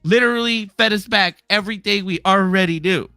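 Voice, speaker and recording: A man hosting a livestream, ranting in a heated, profane way and swinging into shouting. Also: high voice, fairly quick, clean tone, no echo, faint music behind. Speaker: livestream host. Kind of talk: angry livestream rant.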